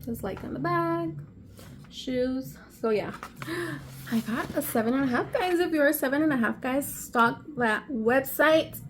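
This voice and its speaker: A woman vlogger unboxing on camera, excitable and gushing, gasping often and sometimes dropping to a breathy whisper. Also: high voice, moderate pace, a little hiss or hum. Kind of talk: casual unboxing vlog.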